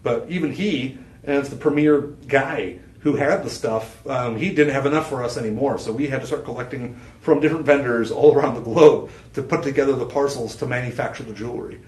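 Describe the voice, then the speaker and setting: A man's voice: medium pitch, fairly quick, a little mellow, echoey room. A man hosting a live jewelry sales stream, rambling and chatty, often breaking off his own sentences and laughing. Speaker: shopping channel jewelry host. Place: studio set with a TV screen behind.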